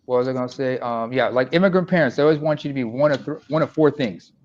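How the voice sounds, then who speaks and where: A man's voice: mid-range voice, fast, background noise. Earnest man on a dull, lo-fi mic. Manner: earnest, reflective storytelling. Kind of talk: casual discussion.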